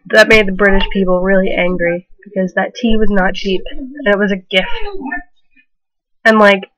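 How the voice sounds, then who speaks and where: A woman's voice: mid-range voice, fairly bright tone, dry recording, poor audio. Rambling young woman telling tipsy history. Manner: rambling, filler-heavy, casual slang. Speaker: comedic narrator. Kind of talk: rambling tipsy comedic retelling.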